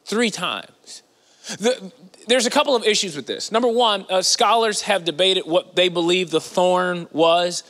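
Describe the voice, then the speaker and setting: Unhurried, a guest preacher gives a sermon in a large church, his voice riding high, bright and forceful. He talks in an animated, conversational manner, shifting between loud outbursts and quiet asides while the big hall's long reverb trails behind him.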